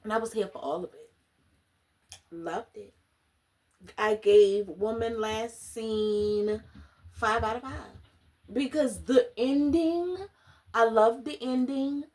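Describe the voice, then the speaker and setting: A woman chatting casually in a book review vlog, animated and slangy, dramatic and often laughing. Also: on the high side, slow pace, pauses often. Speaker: book vlogger.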